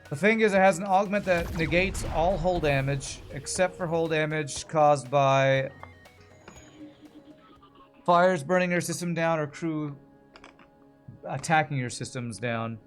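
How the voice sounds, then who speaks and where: A man's voice: a little high, unhurried, long pauses, faint music behind. A man streaming a video game, commenting live in a frustrated, swearing rant while apologizing to the ship's designer.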